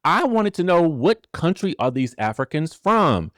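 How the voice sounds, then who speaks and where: A man hosting a casual celebrity gossip commentary, animated and rhetorical, who keeps asking the viewers questions and checking in with them. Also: fairly high pitch, measured pace, no echo, clean studio sound. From rural area. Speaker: gossip show host.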